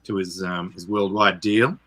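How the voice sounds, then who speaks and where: A man, a composer and producer being interviewed, telling a story in a rambling, self-deprecating way with many halting restarts. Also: deep voice, steady tone, a bit bright. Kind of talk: casual storytelling.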